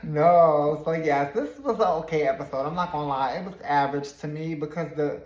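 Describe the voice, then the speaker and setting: A man's voice: a little high, lively intonation, fast talker. Sassy chatty man in an echoey room. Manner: chatty, slangy, retells scenes with sass. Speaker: reality TV recap vlogger. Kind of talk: casual commentary.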